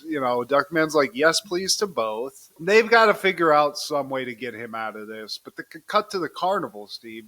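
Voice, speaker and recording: A man's voice: fairly high pitch, sharp tone. A man co-hosting a podcast, recapping a cartoon episode in a casual, profane, joking way and keeping his co-host in the conversation.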